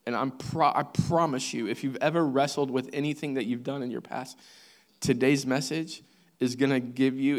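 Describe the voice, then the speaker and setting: A man's voice: medium pitch, steady tone, normal speed. A man, the church's pastor, introducing a guest speaker to the congregation, emphatic and enthusiastic, repeating his points for weight. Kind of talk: sermon introduction. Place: church sanctuary.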